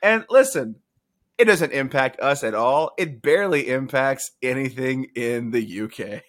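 A young man co-hosting a casual podcast, joking and laughing often as he talks. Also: mid-range voice. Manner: joking, animated, quick laughs. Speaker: podcast co-host. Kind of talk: casual chat.

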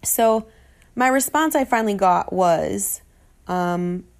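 A woman, a fitness trainer, telling a personal story in an animated way and acting out the dialogue she quotes. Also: slow pace. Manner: animated, acts out quoted dialogue with sarcastic jumps in pitch.

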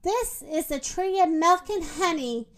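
Emma is an eager little farm girl from a picture book, voiced by a woman. Her lines are high and lively and read slowly. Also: exaggerated voice. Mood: excited.

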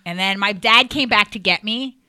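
A young adult woman comedian, a podcast guest, telling animated stories full of laughter and acted-out quotes. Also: medium pitch, normal speed, slight background noise. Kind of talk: casual storytelling chat.

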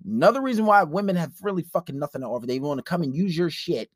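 Animated, profane New man. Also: fairly high pitch, fast talker, no echo, clean studio sound. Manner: profane, animated storytelling with acted-out quotes. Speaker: podcast host. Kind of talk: casual podcast storytelling.

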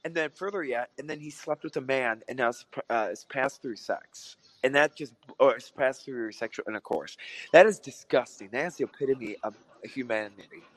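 Hoarse man, rambling podcast co-host. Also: mid-range voice, moderate pace, fairly bright tone, dry recording. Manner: rambling, throws in questions. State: hoarse, clearing throat and coughing. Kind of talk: casual podcast chat.

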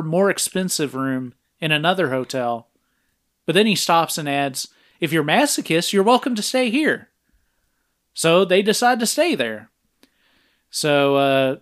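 A man co-hosts a podcast, summarizing a film's plot scene by scene in an easygoing way. His voice sits a little high for a man, and he keeps stopping for filler sounds as he goes. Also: clean tone. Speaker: podcast co-host. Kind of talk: casual film recap.

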